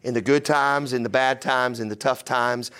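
A man's voice: medium pitch, steady tone, normal speed, a bit bright, smooth. A man preaching a sermon in a conversational, joking way, often putting questions to his listeners. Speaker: pastor.

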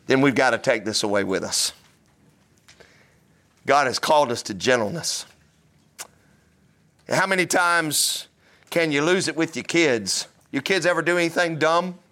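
A man's voice: fairly high pitch, animated, unhurried, pauses often, sharp tone. A man preaching a sermon in a conversational, joking way, often putting questions to his listeners. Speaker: pastor.

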